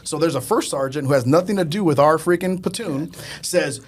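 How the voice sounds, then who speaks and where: A man telling casual stories as a podcast guest, animated and often laughing as he talks. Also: on the high side, fairly quick, husky. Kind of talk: casual storytelling.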